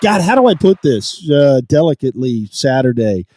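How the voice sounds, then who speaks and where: A man co-hosting a comedy talk show, loud and crude, joking and laughing through the banter. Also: mid-range voice, very animated, normal speed, background noise. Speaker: co-host.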